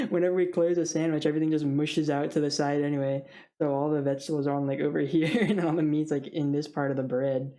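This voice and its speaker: A woman's voice: low-pitched, fairly even intonation, brisk, warm tone. A young woman who works in food service rants casually to camera, rambling with many fillers and frequent laughs. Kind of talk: casual vlog rant.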